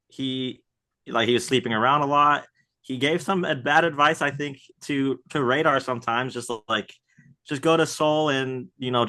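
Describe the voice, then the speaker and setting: Man, podcast co-host, crisp bright tone, easygoing thinking-aloud delivery. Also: mid-range voice. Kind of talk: casual chat.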